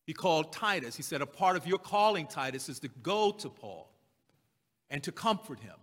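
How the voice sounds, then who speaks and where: A man delivers a sermon in a high, bright voice that carries a sharp edge. He repeats his key phrases and stretches out the verses he reads, pressing each point home. His words hang in a long reverb from a large hall. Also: sing-song. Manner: slow emphatic repetition, drawn-out scripture readings. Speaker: pastor.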